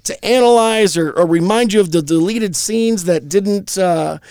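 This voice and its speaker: A man co-hosting a comedy podcast, rambling through profane, animated storytelling. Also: high voice, measured pace, no echo, studio quality. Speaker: podcast co-host. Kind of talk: crude comedy podcast chat.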